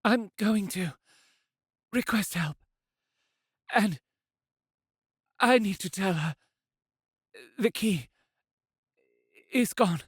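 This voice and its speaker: Brief: man doing a hurt young heroine, higher lilting voice, strained but resolute, slow and dry, audiobook. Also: expressive, breathy edge, no room sound, full character voice. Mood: strained resolve. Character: wounded determined young woman, a mage. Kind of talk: audiobook character voice.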